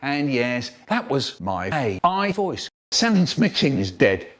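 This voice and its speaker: A man in his seventies, or an AI clone of one, talking in a choppy, spliced comedy collage with sudden jumps in pitch and loudness. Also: very animated, measured pace, heavy background noise. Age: 70s. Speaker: impression of a famous storyteller. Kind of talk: comedic sentence-mixed collage.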